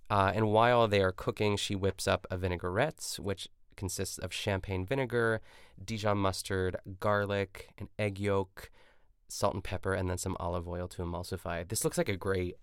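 A man with a very low, smooth and resonant voice chats through a cooking-show recap. He rambles, fills his sentences with "like" and keeps correcting himself. He talks into a podcast microphone. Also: no room sound, studio quality. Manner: rambling, full of "like" and self-corrections. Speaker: podcast host.

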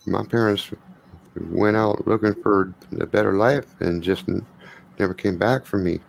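A man's voice: steady tone, moderate pace, rough recording. A man putting on a tearful little girl. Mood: sad. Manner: breathy, tearful, high child voice. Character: frightened little girl, sad and pleading.

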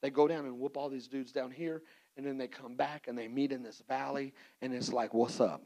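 A man preaching a sermon as pastor, animated and playful, acting out little scenes for the congregation. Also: mid-range voice, fairly quick, gravelly, poor audio.

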